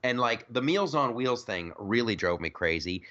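A man's voice: mid-range voice, expressive, moderate pace, sharp tone, muffled recording. A man hosting a podcast, talking politics in a joking, rambling way with lots of restarts. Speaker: podcast host. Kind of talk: casual political chat.

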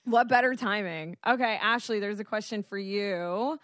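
A woman's voice: medium pitch, moderate pace, fairly bright tone, dry recording, clean studio sound. A woman co-hosting a podcast, chatting casually with blunt, playful reactions. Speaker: podcast co-host. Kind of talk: casual chat.

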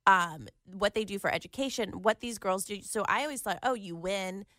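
A woman's voice: medium pitch, fairly quick, a bit bright, dry recording, clean studio sound. A woman co-hosting a casual chat while sick with a sore throat and a cold, talking in a rambling way full of fillers. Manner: chatty, rambling, lots of "like" fillers. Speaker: podcast co-host.

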